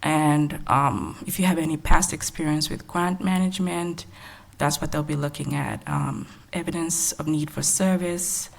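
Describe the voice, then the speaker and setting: A young woman from the city's grants office walking through evaluation criteria at a workshop, soft-spoken and measured with many fillers, a little short of breath. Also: low voice, steady tone, creaky. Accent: Texan. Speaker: grants evaluation staff presenter. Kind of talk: presenting at a public workshop.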